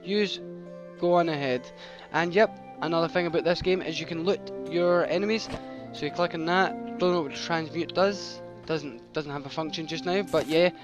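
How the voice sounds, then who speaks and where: Excitable man commentating on a game. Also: on the high side. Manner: excitable, swears, talks to the screen. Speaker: host. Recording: dull mic with game music.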